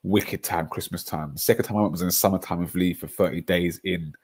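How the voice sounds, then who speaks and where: A man with a London accent hosting a casual football livestream, talking in an animated way, laughing often and reading out chat. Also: low-pitched, fast talker, slightly rough. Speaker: streamer.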